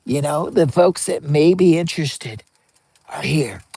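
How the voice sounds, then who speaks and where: A man live streaming a product test, joking around, hyping up his viewers and bursting into excitement. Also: a little high, measured pace, creaky, breathy edge. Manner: joking, hyped, begs for likes, bursts of excitement. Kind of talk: goofy live-stream chat. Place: outdoor campsite by a pellet stove.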